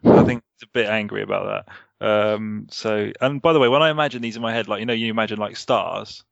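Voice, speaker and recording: Bloke on a podcast, low gravelly voice, kind of rambly, bit muffled dry sound. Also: male voice, fairly quick, no echo. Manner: rambling, hedges with "kind of", swears casually. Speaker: podcast co-host. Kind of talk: casual podcast chat. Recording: slightly muffled dry recording.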